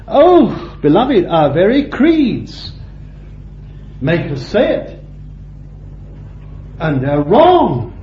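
Slow preacher guy, mellow voice, gets fired up then drops soft, roomy lo-fi recording. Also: wildly swooping pitch, a little hiss or hum. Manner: rising to impassioned high-pitched peaks, then dropping low and slow. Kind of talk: sermon. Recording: dull lo-fi sound in a roomy hall.

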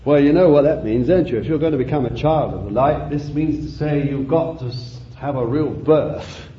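A male preacher delivering an impassioned sermon that rises and falls, with drawn-out phrases. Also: medium pitch, slight background noise. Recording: roomy, dull lo-fi recording.

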